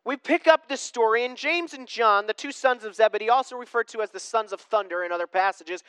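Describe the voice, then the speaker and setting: A pastor giving a sermon in a conversational way, asking the congregation questions and swinging between emphatic preaching and hushed tones. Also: medium pitch, fairly quick, hardly any pauses, clear, resonant tone, no echo.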